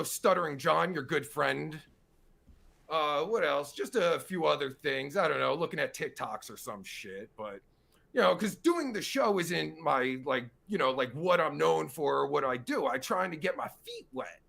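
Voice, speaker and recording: A man's voice: fairly high pitch, sing-song, normal speed, vocal fry, pushed and bright. A man ranting angrily and sarcastically as he reacts to a podcast clip, swearing constantly. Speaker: podcast host reacting to a recording. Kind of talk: profane ranting commentary.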